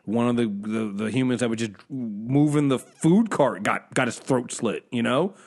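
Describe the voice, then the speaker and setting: A man's voice: normal speed, creaky. A man co-hosting a casual review show, chatting loosely and acting out scenes. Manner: animated, acts out scenes in high mock voices. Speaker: podcast co-host.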